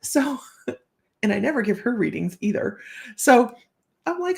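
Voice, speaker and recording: A woman's voice: a little high, animated, moderate pace, vocal fry, long pauses. A middle-aged woman hosting a psychic livestream, telling stories casually, laughing often and acting out the voices she quotes. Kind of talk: casual chatty livestream storytelling.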